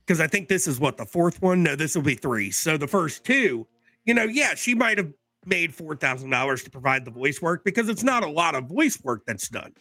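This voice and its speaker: Gravelly bright man rambling on a podcast. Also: a little high, big pitch swings, normal speed, no echo. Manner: rambling, filler-heavy explaining. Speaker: podcast co-host. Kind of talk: casual podcast chat.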